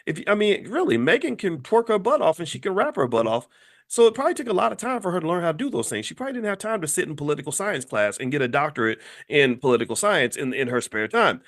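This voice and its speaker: A man with a slightly high voice talks at a quick pace, hosting his own finance commentary channel. His unscripted opinion monologue is emphatic and repetitive, growing heated and rising as he gets animated, and he stumbles over his words when worked up.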